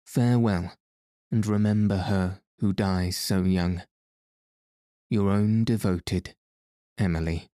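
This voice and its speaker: A solemn, self-pitying little girl from a storybook , voiced by a man. She speaks earnestly and slowly in a low, mellow voice. The sound is close and dry. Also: fairly even intonation, no echo.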